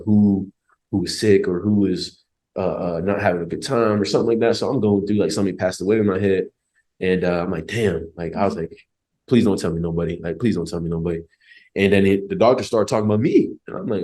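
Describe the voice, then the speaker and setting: A man's voice: deep voice, mellow. A young man in his twenties, a podcast guest, telling a personal story in a laid-back, joking way, full of slang and casual swearing. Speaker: podcast guest, former college football player.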